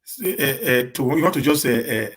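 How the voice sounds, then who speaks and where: A man with a Nigerian accent chatting casually to his live-stream viewers, talking quickly and often repeating and restarting words as he mixes in pidgin. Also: mid-range voice, lively intonation, fairly bright tone. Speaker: live-stream host answering viewer questions.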